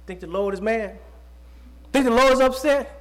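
A man preaching a sermon who reads scripture slowly, then talks to the congregation in plain, folksy speech, his voice jumping up and dropping low. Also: a bit bright. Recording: long reverb of a large hall.

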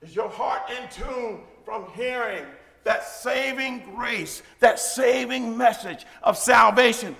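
A man preaching a sermon in a church, fervent, with shouted peaks and joking asides. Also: very high-pitched, gravelly. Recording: echoey hall.

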